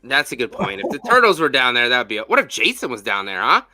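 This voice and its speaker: A man hosting a casual spoiler review chat, animated and profane, with lots of fillers. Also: mid-range voice, fast talker, soft background music. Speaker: podcast host.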